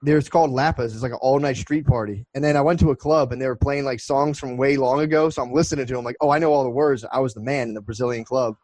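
Dude on a podcast rambling and cussing through a story, close dry mic. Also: male voice, mid-range voice, fairly even intonation, fast talker, hardly any pauses, darkish tone, no echo, low-quality recording. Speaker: podcast co-host. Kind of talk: casual chat.

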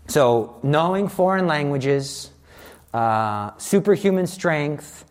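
A man's voice: fairly high pitch, animated, slow pace. A man giving a personal faith testimony as a Catholic speaker, telling his story in an earnest, dramatic way.

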